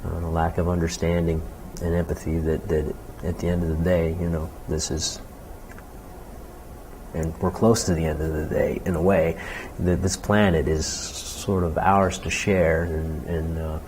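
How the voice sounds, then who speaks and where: Low-voiced man, halting interview talk. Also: a little hiss or hum, poor audio. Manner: halting, many restarts, animated when quoting people. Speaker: interviewee, jazz clarinetist. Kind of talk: reflective conversational interview.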